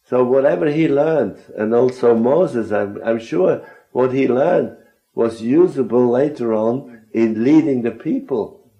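A man's voice: mid-range voice, a little slow, dark tone, dull audio. A man leading a group Bible discussion, earnest and often posing questions to his listeners. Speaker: Bible study speaker.

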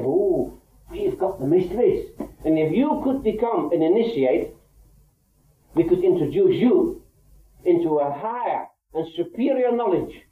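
An earnest male preacher gives a measured Bible teaching sermon, pausing often on small hesitations. His voice sits fairly high. The recording is thin and phone-like, echoing in a roomy space with a faint hiss. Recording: echoey, tinny phone-like old tape.

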